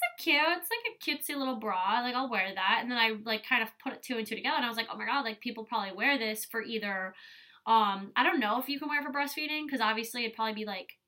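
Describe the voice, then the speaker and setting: A woman's voice: on the high side, sharp tone. A young woman hosting a podcast, chatting casually and ranting candidly with plenty of swearing. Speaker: podcast host. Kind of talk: casual chat.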